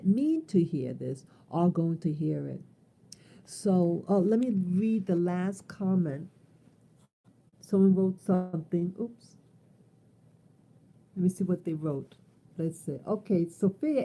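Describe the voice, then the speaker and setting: A woman speaking unscripted on a live stream, her voice very dark and mellow and set fairly low. She talks slowly and deliberately, blunt and emphatic, swearing freely and circling back to repeat her main phrases.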